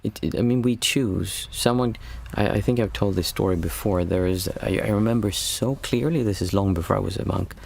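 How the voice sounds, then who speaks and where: A man's voice: on the low side, brisk, creaky, few pauses, darkish tone, husky. A man who is a meditation teacher and former monk, talking through a livestream Q&A in a reflective, storytelling way with frequent restarts. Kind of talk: casual livestream Q&A talk.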